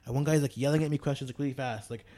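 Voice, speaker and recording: A man's voice: medium pitch, steady tone, rapid-fire, dark tone. A man telling a travel story to friends in a casual chat, acting out the voices and laughing often.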